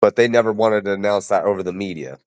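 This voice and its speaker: A man hosts a loose podcast conversation and answers his guest with short, blunt, profane reactions. His voice sits low and sounds gruff. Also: quick pace. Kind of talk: casual podcast chat.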